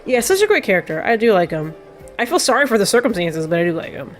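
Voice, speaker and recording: A woman's voice: mid-range voice, very animated, fast talker, soft background music. Rambling sentimental woman commenting on a game. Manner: rambling and sentimental, many fillers. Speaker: let's play host. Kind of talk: casual gameplay commentary.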